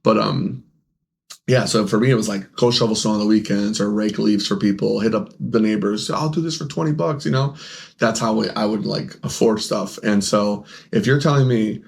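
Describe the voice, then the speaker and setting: A man's voice: fairly low pitch, steady tone, moderate pace, gravelly. A young man, a podcast co-host who owns a game store, telling rambling stories in casual chat, laughing often and acting out the people he quotes.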